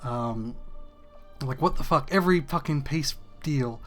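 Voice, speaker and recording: A man's voice: mid-range voice, measured pace, fairly bright tone, faint music behind. A man, hosting a casual gameplay rant that is frustrated, profane and rambling. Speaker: gaming video host.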